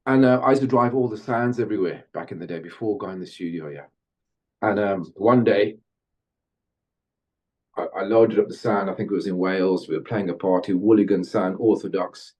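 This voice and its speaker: Animated middle-aged storytelling man, low voice. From Birmingham, England. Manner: animated storyteller, slips into Jamaican-style patois when chanting. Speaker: musician guest. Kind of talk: storytelling interview.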